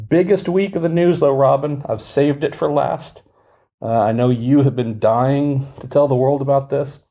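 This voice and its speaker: A man's voice: mid-range voice, normal speed, dark tone. A man in his forties hosting a casual podcast, reading the news with dry, wry humor. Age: 40s. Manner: dry, wry delivery of news with mock hype. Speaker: podcast host.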